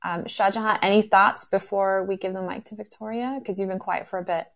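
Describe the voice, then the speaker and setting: A woman's voice: mid-range voice, fairly even intonation, brisk, creaky, a bit bright. A woman hosting a live podcast event on stage, speaking in a reassuring, conversational way. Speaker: podcast host.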